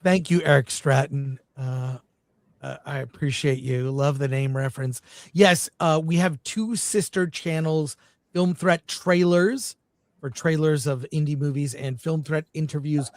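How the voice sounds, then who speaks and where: Guy hosting a film panel, high voice, really enthusiastic, dry mic. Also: unhurried, dry recording. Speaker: show host. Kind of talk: casual panel chat.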